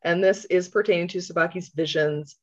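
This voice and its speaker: A woman's voice: on the low side, fairly even intonation, fairly quick. A woman co-hosting a podcast in casual chat, giggly and swearing freely. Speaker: podcast co-host. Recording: dull lo-fi audio.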